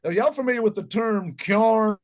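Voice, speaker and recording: Southern man, high voice, folksy joker, middle-aged, interview guest. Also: animated, moderate pace. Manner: folksy, joking storyteller. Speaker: musician guest. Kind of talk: casual interview chat.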